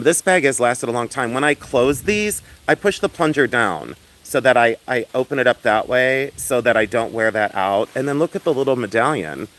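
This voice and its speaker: Loud, flamboyant man chatting on a livestream. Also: medium pitch. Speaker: livestream host selling and showing jewelry. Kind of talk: casual livestream chat. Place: outdoors in the sun.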